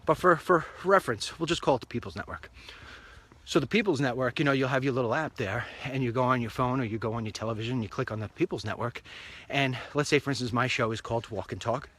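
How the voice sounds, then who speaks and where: A man talks on his phone mic as he strolls along an outdoor street, rambling through his plans in a chatty, upbeat monologue. His voice is bright and forceful, with a middling pitch. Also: fast talker. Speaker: online show host. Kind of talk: casual walk-and-talk monologue.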